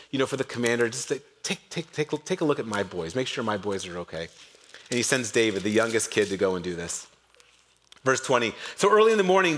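A male pastor preaches a sermon with a voice a bit higher than most men's. He is animated and slips into other voices to act out the people in his story. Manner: animated, acts out characters with shifting voice.

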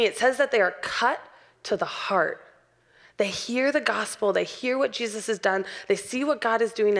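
A woman's voice: mid-range voice, a bit bright. A young adult woman preaching a sermon in an earnest, personal way and laughing lightly now and then.

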